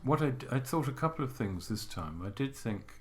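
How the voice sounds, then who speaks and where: An older man co-hosting a podcast, reminiscing in a relaxed, halting way with gentle humour. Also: mid-range voice. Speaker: podcast co-host. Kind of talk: reflective casual chat.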